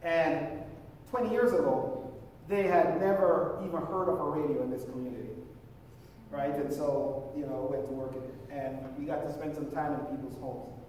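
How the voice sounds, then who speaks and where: A man's voice: fairly high pitch, moderate pace, a little mellow, slight background noise. A man from Jamaica, preaching a sermon in a conversational storytelling way and acting out the people he quotes. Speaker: pastor. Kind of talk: sermon with personal stories. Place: church auditorium. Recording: echoey church hall, mic at a distance.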